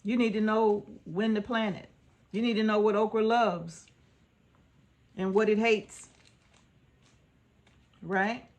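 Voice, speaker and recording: A woman's voice: medium pitch, fairly even intonation, slow pace, long pauses, a little mellow. A woman homestead vlogger giving casual, earnest advice to her viewers, repeating her points and checking in with "right?". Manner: informal, folksy speech.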